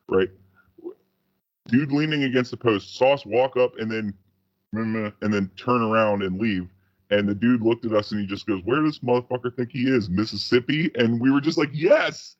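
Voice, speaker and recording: A man's voice: medium pitch, no echo, muffled recording. A man co-hosting a casual podcast, telling a long rambling story full of profanity and restarts. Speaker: podcast co-host. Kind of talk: casual chat.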